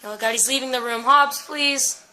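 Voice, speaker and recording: A young woman's high-sitting voice, pushed and bright, moves at a normal speed as she plays through a horror game at home for her gaming channel. Frightened and jittery, she swears, screams, and talks to her viewers and her dog. The rough recording has slight background noise.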